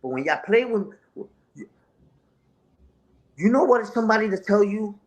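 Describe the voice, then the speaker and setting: A high-pitched man with lively intonation talks at normal speed and pauses often. He is an interview guest and online content creator answering a live chat, speaking heatedly without a script, swearing, confrontational, and repeating phrases for emphasis.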